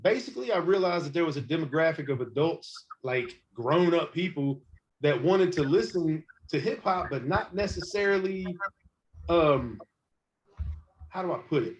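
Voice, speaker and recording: A man's voice: a little high, normal speed. A man in his forties, a hip hop artist guest, telling stories casually and acting out quotes. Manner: animated storyteller, acts out quotes. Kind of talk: casual storytelling interview. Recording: muffled lo-fi recording.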